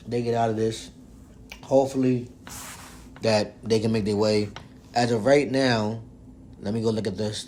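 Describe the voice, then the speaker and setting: A young man hosting a casual sports podcast, talking loosely with lots of slang and profanity, swinging between loud outbursts and low muttering. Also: vocal fry, a little hiss or hum. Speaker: podcast host.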